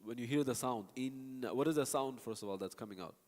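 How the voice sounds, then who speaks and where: A man's voice: mid-range voice, fast talker, a little mellow. Guy teaching a class, patient, keeps demoing the sounds, echoey big room. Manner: patient, stops to demonstrate sounds and answer students. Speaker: Quran recitation teacher. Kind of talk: classroom teaching with spoken examples. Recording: long hall reverb.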